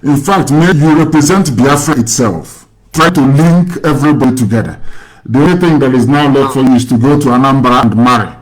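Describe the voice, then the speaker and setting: A man's voice: medium pitch, brisk, rough recording. Lecturing Nigerian man, rhetorical questions. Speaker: radio host. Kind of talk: casual call-in chat.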